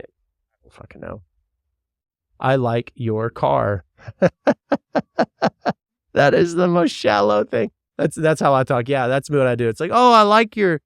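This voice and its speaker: A man's voice: lowish voice, creaky, dry recording, studio quality. A young man from Kentucky with a mild Southern accent, hosting a podcast and rambling frankly in casual solo talk, swearing now and then. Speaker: podcast host.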